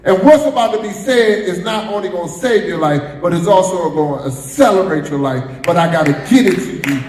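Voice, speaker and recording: A man's voice: high-pitched, lively intonation, fairly quick, darkish tone, slight background noise. A man preaching a sermon as pastor, repeating phrases and drawing responses from the congregation. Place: church sanctuary. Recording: echoey hall, roomy reverb.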